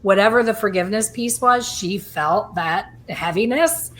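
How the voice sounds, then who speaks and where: A middle-aged woman hosting a casual chat, telling lively stories and acting out other people's voices. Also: mid-range voice, moderate pace. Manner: animated, acts out quoted voices. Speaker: host.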